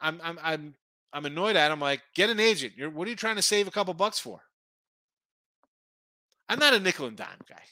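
A man's voice: on the high side, animated, fairly quick, pauses often, bright, forceful tone, no echo. A middle-aged man hosting a sports betting show, rambling through picks and opinions with frequent restarts. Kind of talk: casual sports betting talk.

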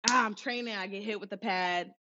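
A woman's voice: mid-range voice, brisk, sharp tone. A young woman from Southern California, a former pro basketball player, telling her story in a casual interview, acting out quoted voices between many fillers. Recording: dull lo-fi sound.

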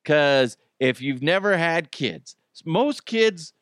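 A man's voice: a little high, lively intonation, takes it slowly, a bit bright, no echo, studio quality. Wry, rambling man hosting a podcast. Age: adult with children. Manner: chatty, wry, rambling, frequent restarts and asides. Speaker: podcast host. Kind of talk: casual comedic commentary on news.

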